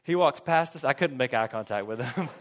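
A man's voice: mid-range voice, fairly quick. A young man preaching a sermon, telling a funny personal story with frequent laughter and acted-out quotes. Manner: animated storytelling, laughs often, acts out quotes.

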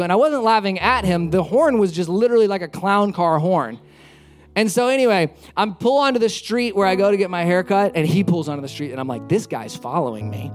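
A pastor preaching conversationally, repeating phrases for emphasis and acting out the lines of people in his stories. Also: sits high. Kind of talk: sermon with storytelling.

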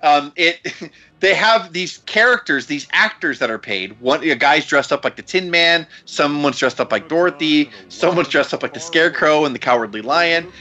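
A man's voice: fairly high pitch, animated, normal speed, sharp tone. A man hosting a podcast, telling a story in casual chat, incredulous, laughing and swearing often. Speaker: podcast host.

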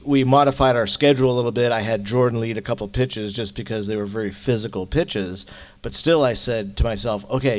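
An older man recounts a story at a live interview, animated and openly emotional. His voice sits at an ordinary pitch. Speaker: guest climber.

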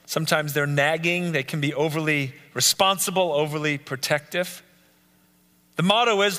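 A man's voice: a little high, steady tone, moderate pace, pushed and bright, long reverb tail. A man leading a live Bible study, earnestly listing traits one by one and repeating key phrases. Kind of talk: live teaching talk. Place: church meeting room.

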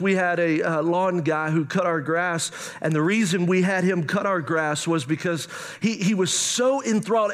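A middle-aged man preaching, animated and conversational, with playful asides to the congregation. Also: sits high. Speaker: pastor. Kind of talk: sermon.

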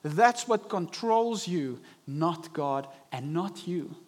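Young male pastor, high-pitched, animated sermon delivery. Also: slow pace. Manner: animated preaching, acting out inner voices. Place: church service.

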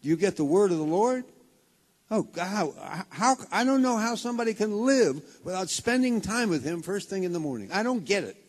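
A man's voice: high voice, lively intonation. A man preaching a sermon as pastor of a congregation, with a fervent, rising delivery. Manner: starts hushed and slow, builds to loud fervent preaching. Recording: long hall reverb.

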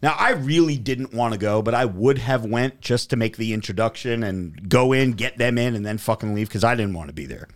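This podcast host talks fast with hardly any pauses in a medium-pitched voice, casually relating a story full of swearing while animatedly performing the characters' dialogue.

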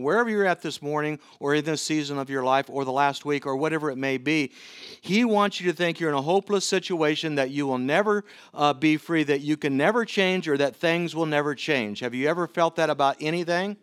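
A middle-aged man preaching a sermon to his church, earnest and given to halting restarts. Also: a little high, fairly bright tone, no echo, clean studio sound. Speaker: pastor.

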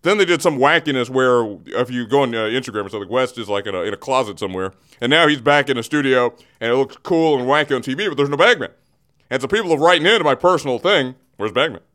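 A man's voice: medium pitch, lively intonation, fast, a bit bright. Goofy sports guy hamming it up in a studio, keeps cracking himself up, voice jumps all over. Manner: theatrical, self-interrupting, giggly. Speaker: comedic sports segment host. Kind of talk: comedic in-character sports rant. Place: radio studio. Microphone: studio mic.

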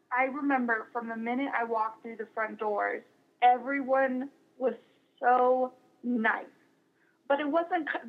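A young woman being interviewed as a guest, speaking warmly and haltingly with many fillers and restarts. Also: a little high. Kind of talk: casual interview. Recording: dull lo-fi recording.

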